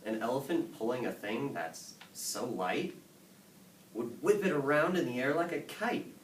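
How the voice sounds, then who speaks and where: A man reading a rhyming picture book aloud in a rhythmic, sing-song way, building excitement as the verses pile up. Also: mid-range voice, unhurried, slight background noise. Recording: echoey room from far off, faint ambience.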